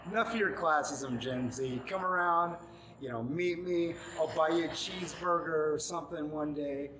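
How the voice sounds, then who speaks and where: A man's voice: on the high side, normal speed, roomy sound, background noise. Angry ranting man in his forties. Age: 40s. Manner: angry ranting, mocking voices, growing louder and shouting. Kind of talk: ranting monologue to camera.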